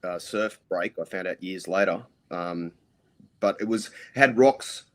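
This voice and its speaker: Man, Australian accent, middle-aged, low voice, rambling and casual, interview guest. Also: a little slow, a bit bright. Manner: rambling, lots of ums and restarts.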